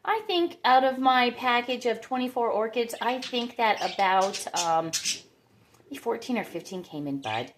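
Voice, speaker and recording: A woman's voice: on the high side, expressive, measured pace, a little hiss or hum. A middle-aged woman chatting casually and enthusiastically as she shows her orchids at home. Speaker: orchid grower. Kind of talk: casual chat while touring plants. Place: home with plants.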